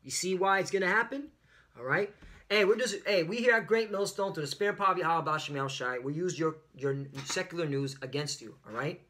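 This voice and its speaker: A man's voice: high-pitched, lively intonation, fast, bright, forceful tone. A man preaching fiery, confrontational religious commentary on the news, peppering his talk with "all right?".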